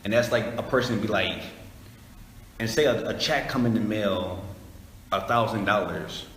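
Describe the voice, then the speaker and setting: A man casually teaching a Bible study, explaining scripture in a conversational, animated way. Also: on the low side, normal speed. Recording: echoey hall, faint noise.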